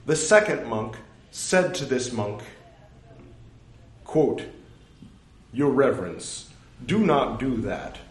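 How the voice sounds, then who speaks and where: A man reads old scripture aloud at a slow, unhurried pace, his pitch swinging widely as he goes. He speaks every quotation mark and parenthesis and drops in joking asides. The recording rings with the echo of a roomy space. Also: big pitch swings, a little hiss or hum. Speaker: scripture reader. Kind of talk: reading a religious text with casual asides. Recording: echoey room.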